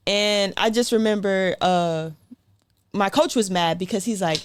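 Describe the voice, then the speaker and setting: Woman in her twenties, guest sprinter, chatty and animated, mid-range voice, dry close sound. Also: medium pitch, a little slow, clear, resonant tone, dry recording. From South Carolina, USA. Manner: chatty, animated, acts out quotes, frequent "like" and light laughs. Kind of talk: casual interview storytelling.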